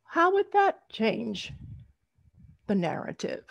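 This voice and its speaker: A woman presenting an online storytelling workshop for young tellers, speaking in an animated, teacherly way over a video call. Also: on the high side, vocal fry, dry recording, dull audio. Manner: animated, teacherly, drawn-out emphasis.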